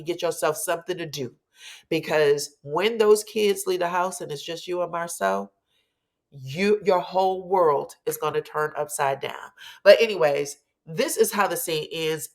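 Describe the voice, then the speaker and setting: Sassy woman recapping reality TV. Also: lowish voice. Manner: animated retelling, acts out quotes, sassy asides. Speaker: commentary show host.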